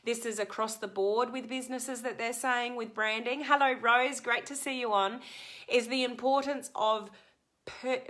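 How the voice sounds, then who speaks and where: Chatty middle-aged Australian woman, bright tone, live-stream coach answering viewers. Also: a little high, fairly even intonation, moderate pace. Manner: chatty, answers viewer comments, frequent ums. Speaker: social media coach.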